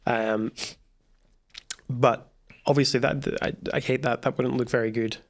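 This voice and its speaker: A man with an average-pitched voice is a guest on a podcast. He rambles through his account of how shots were made, often restarting sentences and laughing in between. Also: steady tone, measured pace. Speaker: filmmaker guest. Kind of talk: casual chat.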